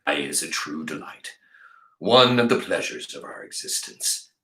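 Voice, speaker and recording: A man voicing a big, kind drifter who speaks slowly, softly and formally. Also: expressive, echoey room, full character voice. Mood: gentle. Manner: slow, low, soft-spoken and formal. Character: huge gentle drifter man, courtly and kind.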